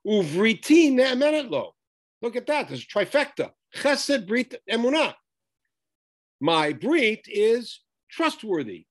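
Animated male Bible teacher. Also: very high voice, takes it slowly. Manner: reads Hebrew verses then explains them, animated and emphatic. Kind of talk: text study lesson.

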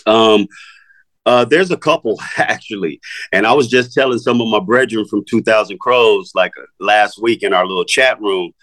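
A man's voice: on the low side, normal speed, a bit bright, no room sound. A man in his fifties, a music artist talking as a guest in a casual interview, laid-back and slangy, laughing often. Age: 50s.

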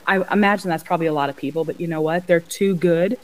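A woman's voice: fairly low pitch, fast, rough recording. A woman co-hosting a podcast, chatting casually and enthusiastically recommending things. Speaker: podcast co-host. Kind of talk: casual chat.

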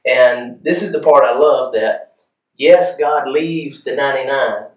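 A man's voice: mid-range voice, unhurried, distant mic. Man preaching in an echoey church. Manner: conversational, asks the room for agreement often. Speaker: pastor. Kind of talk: sermon. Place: church hall. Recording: echoey room, voice from off-mic.

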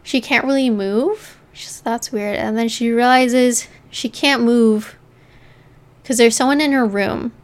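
A woman's voice: a little high, a little slow. A woman co-hosting a podcast, casually telling a true-crime story and often saying "like" as she goes. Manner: chatty, leans on "like" while narrating.

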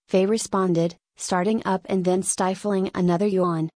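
A woman's voice: medium pitch, steady tone, a little slow, hardly any pauses, a little mellow, no echo. Woman narrating a story, dry and close. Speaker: audiobook narrator. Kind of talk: scripted narration.

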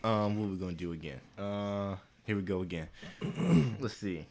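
Animated low-voiced man telling stories. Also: moderate pace. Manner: animated storytelling, acts out quotes in high squeaky voices, laughs a lot. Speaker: podcast co-host. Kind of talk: casual chat.

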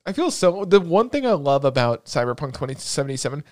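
A man's voice: on the high side, sing-song, quick pace, dry recording, clean studio sound. A man co-hosting a casual podcast chat, rambling and joking, swearing freely. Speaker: podcast co-host.

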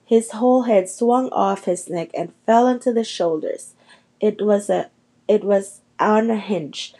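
A woman narrating a children's novel chapter aloud in a steady storytelling manner. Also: medium pitch, a little slow. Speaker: reader. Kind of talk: audiobook narration.

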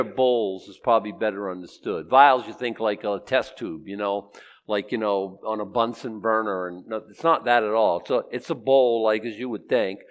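A man delivers a sermon in a relaxed, conversational way. His voice sits at an ordinary middle pitch. He poses questions to himself, answers them, and gives quoted lines a tone of their own. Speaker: preacher. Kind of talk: sermon, Bible teaching.

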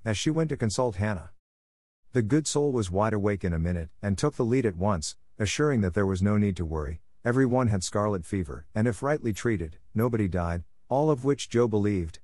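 A man narrating a classic novel in a steady, measured audiobook reading for English learners, close to the mic. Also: on the low side, no room sound.

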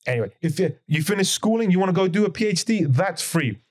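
A man's voice: high-pitched, expressive, fast, darkish tone. A man talking as a podcast guest, explaining history emphatically and firing off rhetorical questions. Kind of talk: conversational podcast lecture.

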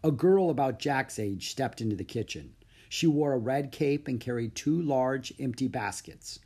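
A man reading a children's book aloud in an expressive storytelling manner. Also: mid-range voice, normal speed, breathy edge. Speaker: narrator.

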